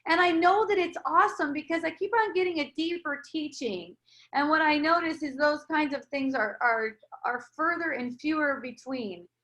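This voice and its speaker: Woman spiritual teacher, soothing and rambling, higher voice. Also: normal speed. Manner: gentle, reassuring, rambling with restarts. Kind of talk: casual spiritual dialogue.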